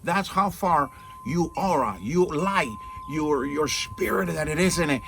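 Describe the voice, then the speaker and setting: Unhurried and on the high side, a man speaks as a spiritual teacher in an earnest, informal talk held outdoors in the shade at his home by trees and mountains. He frequently asks rhetorical questions and checks in with "okay?", with birds and wind chimes faint in the background.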